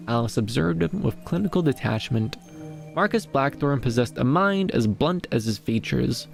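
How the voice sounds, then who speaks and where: A man reads a fantasy tale aloud at a measured, even pace, now and then restarting a stumbled word. His voice sits at a middle pitch with a gravelly grain. Soft music plays faintly in the background. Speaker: storyteller, streamer. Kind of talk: reading a fantasy story aloud.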